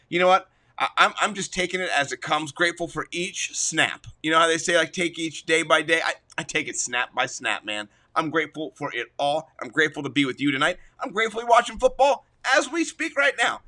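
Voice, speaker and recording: Upbeat jokey male podcast co-host, bright tense voice, slightly high. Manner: enthusiastic, jokey storyteller. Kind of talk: casual sports chat.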